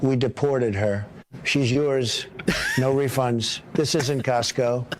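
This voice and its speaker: A man doing a comic impression of a boastful male president, bragging in repetitive superlatives with a deadpan delivery. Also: mid-range voice, takes it slowly, a little hiss or hum, close to an everyday voice. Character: boastful rambling male president, self-praising. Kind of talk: comedic impression sketch.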